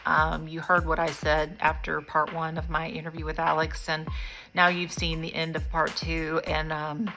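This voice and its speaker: Low-voiced emotional woman in her fifties. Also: completely flat delivery, moderate pace, soft background music. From rural United States. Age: 50s. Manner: emotional, tearful at times, sincere. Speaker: podcast host. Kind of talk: heartfelt conversation and closing to camera.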